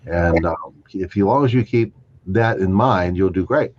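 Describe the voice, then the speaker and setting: Older man telling animated stories. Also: sits low, moderate pace, a little hiss or hum. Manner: animated anecdotes, acting out quoted voices, chuckling. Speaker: chiropractor and podcast guest. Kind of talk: storytelling interview. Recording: dull lo-fi dry sound.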